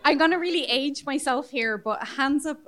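An Irish woman around forty, a guest sex educator telling frank, animated stories on stage at a live show. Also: high-pitched, moderate pace. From Ireland. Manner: frank, animated storytelling with frequent laughter.

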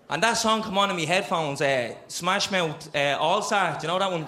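A man's voice: high voice, moderate pace, hardly any pauses, pushed and bright, reverberant. A man with a Dublin Irish accent co-hosting a live comedy podcast on stage, telling a story bluntly with plenty of swearing. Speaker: podcast co-host. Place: stage of a live show in a theater.

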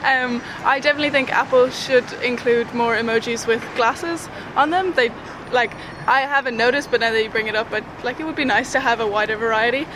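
A woman's voice: on the high side, a little fast. A young woman college student answering a street interview in a friendly, chatty way with lots of fillers. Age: young adult. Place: outdoors on a street. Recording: street recording with traffic noise. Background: traffic.

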